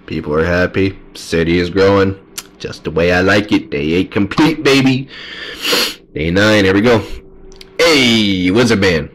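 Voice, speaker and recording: A man's voice: sits low, moderate pace. A man giving laid-back, rambling commentary while playing a game. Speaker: gaming video creator.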